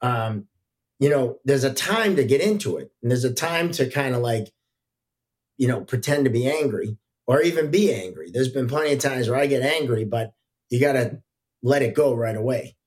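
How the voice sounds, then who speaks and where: Man telling relaxed referee stories. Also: medium pitch, moderate pace. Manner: relaxed, anecdotal, frequent fillers. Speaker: hockey referee and guest. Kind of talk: casual podcast storytelling.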